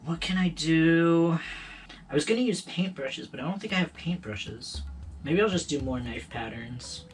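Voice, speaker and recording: Host, male, slightly high voice, jokey running commentary over background music. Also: expressive, moderate pace, slightly rough. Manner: playful, self-amused, talks to himself while working. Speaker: art tutorial host. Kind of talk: casual hands-on tutorial with joking asides.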